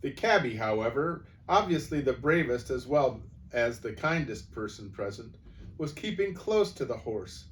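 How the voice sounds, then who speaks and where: A man reading a children's book aloud as a storyteller, relaxed, sometimes correcting himself. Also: medium pitch, moderate pace. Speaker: storyteller at a church. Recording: distant mic with faint background noise.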